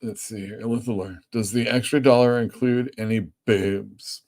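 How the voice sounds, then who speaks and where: On the low side and steady, with a darkish tone, a man's voice carries a loose live stream chat. He owns a comic store and hosts the show, rambling, swearing casually and letting out quick laughs.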